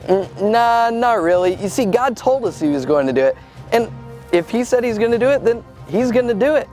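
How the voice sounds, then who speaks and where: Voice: mid-range voice, animated, moderate pace, darkish tone, soft background music, natural voice. An actor voicing a laid-back, trusting male lion in a kids' church comedy skit, talking in an easygoing, slightly goofy drawl.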